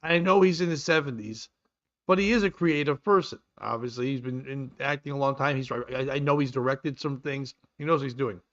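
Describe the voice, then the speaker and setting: A man's voice: medium pitch, a little fast, a bit bright. A man hosting a comedy podcast, ranting in a rambling, profane way. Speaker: podcast host. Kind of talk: casual comedic chat. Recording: dull lo-fi sound.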